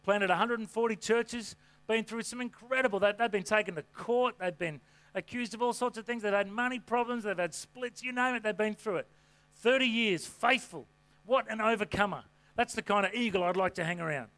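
A man preaching a sermon to a congregation from a church stage, with an energetic, folksy delivery full of rhetorical questions. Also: sits high, brisk. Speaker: pastor.

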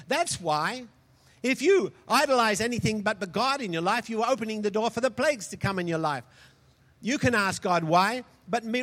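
High-voiced preacher in a reverberant hall. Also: male voice, fairly bright tone. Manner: emphatic, calls out for audience responses. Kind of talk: sermon.

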